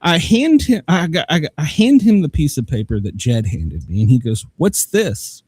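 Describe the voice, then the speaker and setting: Husky man telling a rambling story. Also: fairly high pitch, animated, moderate pace, darkish tone, no room sound. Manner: rambling, laughs often, swears; acts out both sides of conversations. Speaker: live show host. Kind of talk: casual storytelling.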